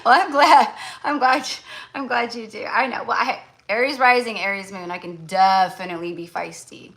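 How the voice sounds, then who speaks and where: A woman's voice: medium pitch, normal speed, a bit bright, poor audio. A woman tarot reader in casual livestream chat, blunt and chatty, full of fillers.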